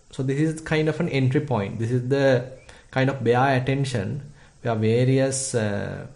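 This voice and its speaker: Here a monk from Sri Lanka, a native Sinhala speaker, offers meditation instruction in his Sri Lankan accent. The delivery is slow and considered, broken by frequent pauses and filler sounds, in a warm male voice of medium pitch.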